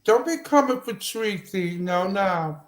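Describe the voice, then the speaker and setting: Casting: man doing a flirty diva host, high voice, slow drawl, echoey room. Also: lively intonation. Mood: sassy. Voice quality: coaxing, teasing, sweet-talking. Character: flirty, sassy woman host Natasha. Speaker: show host. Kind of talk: casual avatar chat show.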